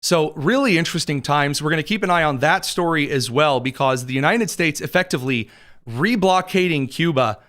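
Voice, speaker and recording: A slightly high-voiced man hosting a news show from a studio mic. He runs through the headlines with wry, sarcastic asides and chuckles at his own jokes, his throat a little dry. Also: fairly quick, fairly bright tone. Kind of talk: sarcastic political news commentary.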